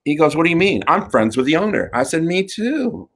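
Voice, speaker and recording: A slightly high-pitched middle-aged man, talking fairly quickly, hosts a talk show built on casual storytelling. He's campy and animated, laughing his way through his anecdotes like a born raconteur.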